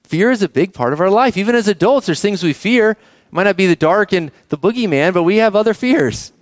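Animated pastor, lively high voice. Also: male voice, fairly quick, dry recording, clean studio sound. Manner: animated, conversational, asks the congregation questions. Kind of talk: sermon.

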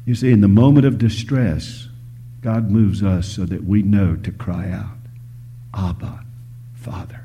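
A man preaching a sermon, shifting between loud emphasis and hushed whispers, telling stories and asking the audience questions. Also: lowish voice, fairly even intonation, measured pace, a little hiss or hum. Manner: storytelling, asks the audience questions.

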